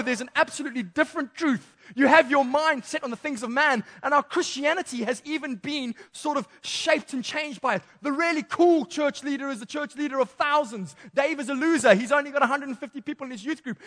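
A young male youth pastor with a very high voice preaches with energy. He switches into slangy voices for the people in the story and keeps the talk casual and lively. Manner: lively, acts out Bible characters in slangy voices. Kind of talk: sermon.

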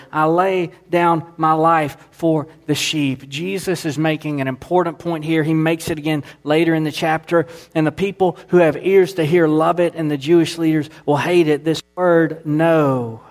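A man preaching a sermon, earnest and building through emphatic repetition. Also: a little high. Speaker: pastor.

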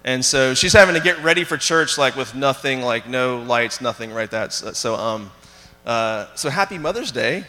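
A man's voice: mid-range voice, lively intonation, normal speed, bright, forceful tone. A man preaching a sermon in a church, talking conversationally with fillers and questions to the congregation. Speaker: pastor. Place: church sanctuary. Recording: long hall reverb.

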